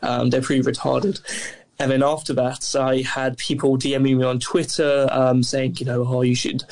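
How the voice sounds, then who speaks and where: A young man with a gravelly, fry-heavy voice tells his story as a guest in a casual interview. His speech stays flat and deadpan, wandering along through "um"s and "uh"s, and he comes from Wales. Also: mid-range voice, moderate pace. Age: young adult. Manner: rambling, dry deadpan delivery with many fillers.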